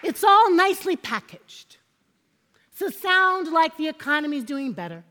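Woman preaching a fiery sermon, high voice, keeps asking for amens, long echo like a church hall. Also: big pitch swings, measured pace, a bit bright, some chatter behind, slight background noise. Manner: emphatic, repeats phrases for effect, calls for amens.

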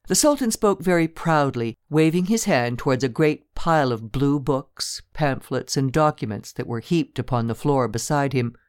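Man, audiobook narrator, measured delivery, dry close sound. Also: mid-range voice, smooth, no room sound.

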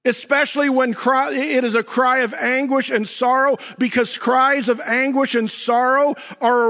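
A man pastor preaching a sermon, swinging from near-shouts down to low, slow emphasis with dramatic pauses. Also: long reverb tail.

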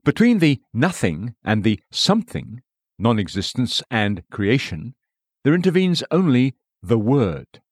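A man in scripted narration of a devotional book, reading in a measured way and voicing scripture citations aloud. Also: mid-range voice, very animated, breathy edge, no echo, studio quality. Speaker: audiobook reader.

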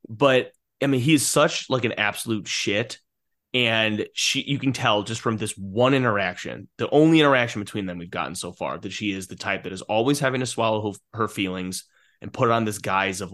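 A man with a fairly low voice co-hosts a casual film podcast. He talks animatedly, laughing often and restarting his sentences as he goes. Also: normal speed, fairly bright tone. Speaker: podcast co-host.

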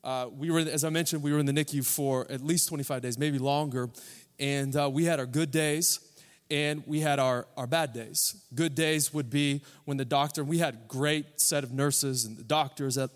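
A man's voice: mid-range voice, steady tone, normal speed. A young man who is a pastor, preaching a sermon in a joking, rambling way; he says he is tired. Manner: joking, rambling, self-deprecating. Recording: long hall reverb.

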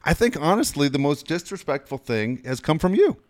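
A man's voice: fairly high pitch, big pitch swings, fairly quick. A man co-hosting radio, telling profane stories with frequent laughter in casual banter. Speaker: radio co-host.

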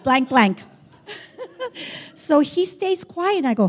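A woman's voice: sits high, a little slow, long pauses. An older woman telling a personal story in a chatty way, acting out the dialogue as she goes. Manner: chatty, animated, quotes dialogue, frequent restarts.

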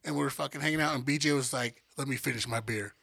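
A man co-hosting a podcast, telling a story in casual chat, profane and animated, acting out what people said. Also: medium pitch, fast, gravelly, breathy edge, no room sound. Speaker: podcast co-host.

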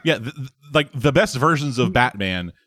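A man's voice: medium pitch, lively intonation, normal speed, a bit bright. A man in casual chat about films, emphatic, swearing freely and stammering as he builds a point.

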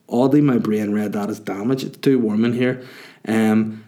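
A man's voice: on the low side, steady tone, normal speed, warm tone. A young man hosting a casual solo podcast, rambling and swearing freely. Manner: rambling, chatty, swears freely, laughs easily. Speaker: podcast host.

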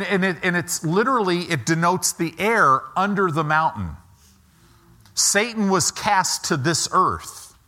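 A middle-aged pastor preaches a sermon, emphatic and repetitive, leading his congregation in call-and-response. His voice is a little high, bright, and forceful.

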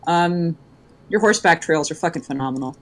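A woman's voice: low-pitched, brisk, over loud music. A woman hosting a podcast in casual chat, teasing her guest and swearing casually.

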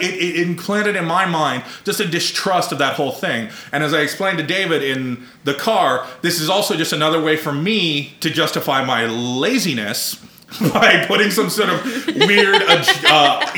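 A man's voice: fairly high pitch, sharp tone. A man hosting a podcast, telling profane, self-mocking stories about his childhood and laughing often. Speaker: podcast host. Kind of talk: casual podcast chat. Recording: roomy echo.

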